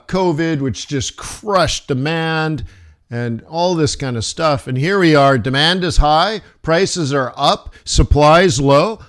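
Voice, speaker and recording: A man hosting a live forex trading stream, giving casual, jokey market commentary in an animated, fast-talking way. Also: a little high, clean tone. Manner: animated, jokey, talks fast with laughs and asides.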